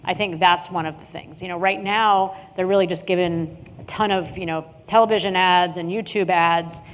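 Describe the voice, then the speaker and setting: Low-voiced woman explaining in a hall. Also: fairly even intonation, normal speed, slight background noise. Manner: thoughtful, explanatory, some restarts. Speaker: panelist, data researcher. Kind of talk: conference panel talk. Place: hotel ballroom. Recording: reverberant hall with faint ambience.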